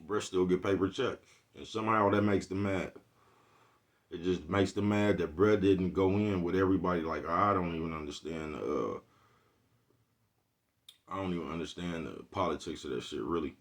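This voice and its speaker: A man's voice: deep voice, normal speed. A man ranting casually on a livestream in streetwise slang, who keeps asking his viewers if they follow him. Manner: streetwise slang, keeps asking "you know what I'm talking about". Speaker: livestream vlogger.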